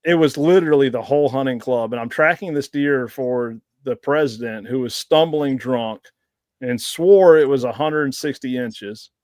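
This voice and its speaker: Male guest storyteller, rambling anecdotes, mid-pitched, dry close mic. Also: normal speed, darkish tone, dry recording. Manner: rambling anecdotes with frequent laughs. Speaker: blood tracker guest. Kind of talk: casual storytelling on a podcast.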